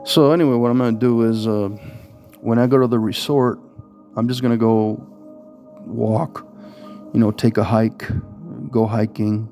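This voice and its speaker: Casual rambling man, mellow voice. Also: mid-range voice, steady tone, normal speed, long pauses, faint music behind. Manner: rambling, casual, with many fillers and restarts. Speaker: vlogger. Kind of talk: casual talk to camera.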